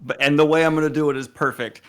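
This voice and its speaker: A man's voice: on the high side, steady tone, quick pace, fairly bright tone. A man playing a tabletop game, brash and joking, who swears freely. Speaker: player.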